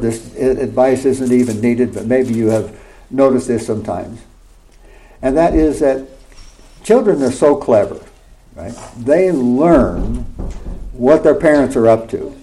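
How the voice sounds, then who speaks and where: A middle-aged man preaches conversationally, frequently checking in with listeners through rhetorical questions. His voice is a little high with a dark tone, and the audio quality is poor.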